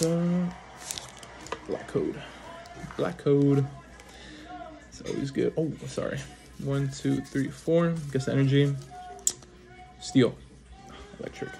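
A man talking casually at home while he opens card packs. He rattles off card names in quick succession and breaks in with short, excited reactions. His voice sits at an ordinary middle pitch for a man. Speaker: card-opening channel host. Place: at home at a small table.

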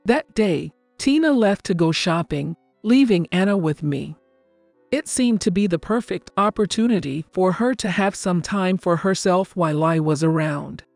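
Gravelly older woman narrating a story. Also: lowish voice, expressive, moderate pace, darkish tone, no room sound. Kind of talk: scripted first-person story narration. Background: faint background music.

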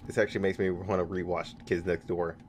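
Deep-voiced man playing a horror game. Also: flat delivery, a little fast, a little hiss or hum. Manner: jokey, taunts the game, bursts into high yells. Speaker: gaming streamer. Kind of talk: horror game let's play commentary.

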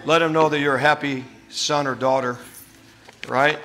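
Male pastor preaching with emphatic, drawn-out stresses; bright, somewhat high voice. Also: steady tone, a little hiss or hum. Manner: emphatic preaching, stretching key words. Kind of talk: sermon.

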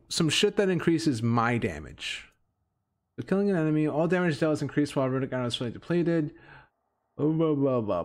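A man streaming a video game, rambling through casual commentary, swearing and getting excited. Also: medium pitch.

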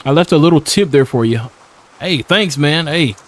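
Animated and fairly high-voiced, a young man plays a horror game for his YouTube channel, chatting at a moderate pace, using slang and laughing a lot. He answers back to the characters, and there's a little hiss or hum.

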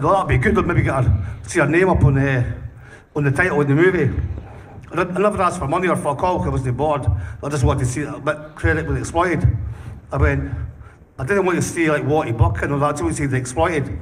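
A man telling rowdy stories in a casual interview, swearing constantly and breaking into laughter. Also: a little high. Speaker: punk band singer. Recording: distant mic with faint background noise.

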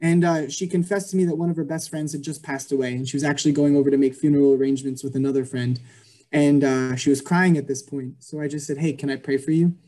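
A man's voice: fairly high pitch, fairly even intonation, fast, dark tone. A man in his twenties giving an earnest Christian testimony over a video call, with many ums and likes. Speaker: guest speaker.

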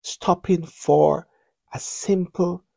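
A middle-aged man talks to camera as a show host, pressing his point with earnest, repeated appeals. His voice is mellow and a little husky. The sound is dry and close. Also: sits high, fairly even intonation, drawn-out words, no echo. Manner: earnest, repetitive, preacher-like appeals. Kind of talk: spoken commentary.

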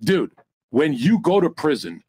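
A man's voice: a little high, sing-song, a little slow, darkish tone, a little hiss or hum. A man on a podcast panel telling a rambling, boastful story full of swearing and heated banter.

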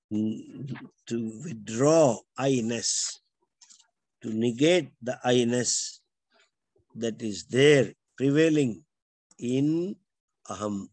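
An older man with an Indian English accent teaching scripture, explaining texts and slowly chanting Sanskrit verses line by line. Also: medium pitch, darkish tone, husky, no echo.

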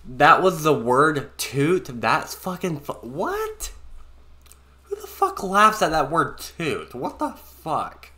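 A man giving casual, swearing, halting reaction commentary. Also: on the high side, wildly swooping pitch, sharp tone. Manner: laid-back, swearing, halting. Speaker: reaction video host.

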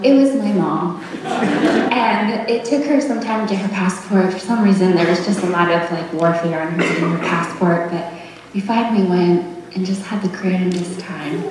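A young woman giving a tender, rambling memorial tribute, laughing softly between her thoughts. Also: mid-range voice, slight background noise. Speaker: daughter giving a eulogy. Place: memorial service hall. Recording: echoey hall, heard from far off.

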